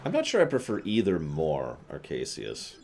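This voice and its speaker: A man's voice: a bass voice, wildly swooping pitch, normal speed, gravelly, darkish tone. A man streaming a game, chatting casually and reading viewers' comments. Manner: laid-back, chatty.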